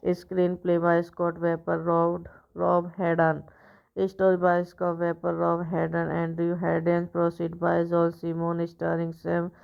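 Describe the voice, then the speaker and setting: A woman reads out film credits and trivia for her review channel, halting and restarting as she goes. Her voice is low, smooth and slightly gravelly, held almost flat in pitch. The recording sounds dull and lo-fi. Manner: halting, stumbling reading with restarts. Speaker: movie review channel host. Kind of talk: reading out film credits and facts.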